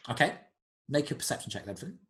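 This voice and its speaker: A man narrating as game master, describing scenes in an unhurried, descriptive way. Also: fairly high pitch, very animated, a bit bright.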